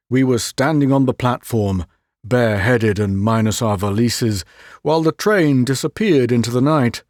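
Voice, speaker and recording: A man narrating a classic detective story as an audiobook reader, measured and unhurried. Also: mid-range voice, expressive, a little mellow, dry recording, studio quality. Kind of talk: scripted narration.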